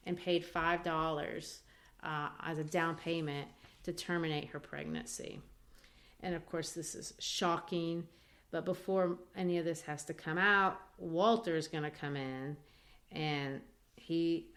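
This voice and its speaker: A woman co-hosting a podcast, talking through a play in a thoughtful, casual way and reading quotes aloud. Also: deep voice. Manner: thoughtful, reads quotes aloud with small voice changes. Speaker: podcast co-host. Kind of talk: casual literature discussion.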